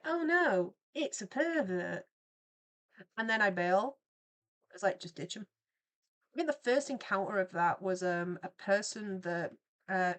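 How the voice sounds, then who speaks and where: The voice belongs to a young woman, mid-range and a little bright. She hosts a livestream where she draws and chats casually, spinning rambling tales full of side comments.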